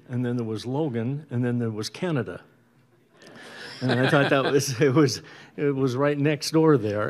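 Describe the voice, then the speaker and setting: A middle-aged man from Utah, a bandleader and guitarist, chatting casually between tunes at a concert in an easygoing, rambling way with many pauses and restarts. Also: medium pitch, darkish tone. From Utah, USA. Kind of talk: casual stage banter introducing a concert. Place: indoor concert stage.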